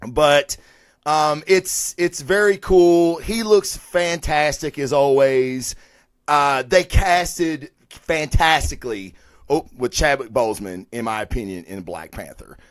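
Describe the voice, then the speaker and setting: A man's voice: on the high side, slow pace, clean tone, no echo, clean studio sound. A man hosting a weekly live review show, talking casually in a rambling, profane way with lots of fillers and restarts. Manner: rambling, chatty and profane, with frequent fillers and self-corrections. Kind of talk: casual live-stream talk.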